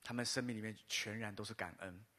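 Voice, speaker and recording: A man, a pastor telling a personal story in a sermon, pausing in short bursts for an interpreter. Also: fairly low pitch. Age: 50s. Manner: lively storytelling pauses for an interpreter. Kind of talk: sermon testimony.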